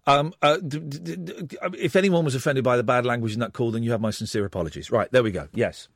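A man's voice: medium pitch, quick pace, no room sound, clean studio sound. A man hosting a late-night phone-in radio show, talking openly and reflectively with callers. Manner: open, reflective, animated. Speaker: radio host. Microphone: studio microphone.

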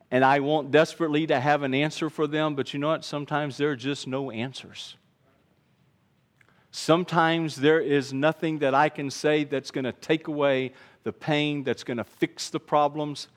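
A pastor delivers a sermon in earnest, his medium-pitched voice dropping quiet before rising into emphatic, repeated lines.

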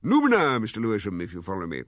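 A man voicing a pompous, waggish middle-aged gentleman who lectures genially and with self-satisfaction in a storybook reading. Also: lowish voice, wildly swooping pitch, rapid-fire, no room sound, clean studio sound. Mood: lecturing.

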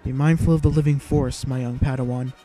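A man voicing a calm older male mentor who gives measured, steady instruction, in a storybook reading. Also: medium pitch, soft background music, voice pushed down, natural voice.

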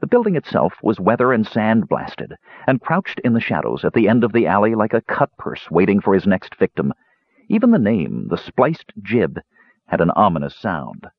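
A man narrating a fantasy audiobook in an expressive storytelling manner. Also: fairly low pitch, moderate pace, husky, no echo, lo-fi sound.

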